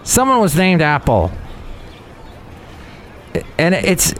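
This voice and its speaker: A man's voice: on the high side, huge pitch swings, takes it slowly, a bit bright, a little hiss or hum. A man hosting a podcast in casual, meandering chat, often correcting himself as he goes. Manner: meandering, self-correcting, chatty. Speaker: podcast host.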